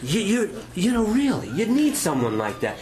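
Lively, folksy male preacher. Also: high-pitched, normal speed, a crowd in the background. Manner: storytelling, folksy, asks the congregation questions. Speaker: pastor. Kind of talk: sermon.

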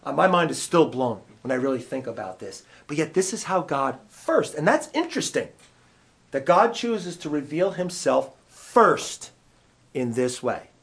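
Animated male preacher teaching. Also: fairly high pitch, unhurried, gravelly. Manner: animated, conversational, asks the audience questions. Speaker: pastor teaching a Bible class. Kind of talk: teaching sermon.

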